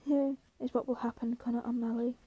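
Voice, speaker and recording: A woman voicing an ancient, towering male tree monster that makes slow, booming proclamations. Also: level tone, slightly rough, no echo, lo-fi sound. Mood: ominous.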